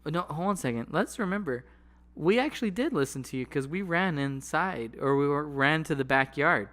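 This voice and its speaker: A man's voice: on the high side, lively intonation, brisk, fairly bright tone. A young man co-hosting a podcast, laid-back and teasing as he disputes his friend's memory. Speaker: podcast co-host. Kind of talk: casual chat.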